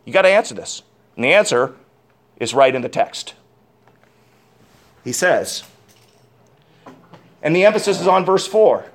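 A man with a high voice preaches a sermon. His delivery swings between sharp, loud emphasis and low, hushed asides, and he keeps turning to his listeners with direct questions. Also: lively intonation, normal speed, pauses often. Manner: asks the congregation direct questions. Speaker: pastor.

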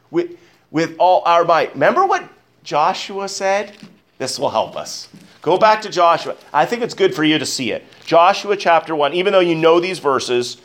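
A male pastor preaches an emphatic sermon in church, rising on key words and dropping low while asking the congregation questions.

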